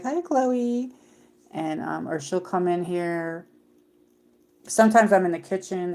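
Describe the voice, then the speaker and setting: A middle-aged woman chats on her own livestream, rambling along with plenty of ums and restarts. Her voice sits a little low, and she talks to her viewers in an easy, unscripted way. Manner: rambling, many fillers and restarts. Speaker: livestream host. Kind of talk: casual livestream chat.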